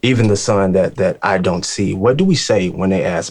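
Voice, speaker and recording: A man's voice: low-pitched, moderate pace, a little mellow. A man hosting a group discussion, talking earnestly with many restarts and fillers. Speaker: host. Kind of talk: casual discussion.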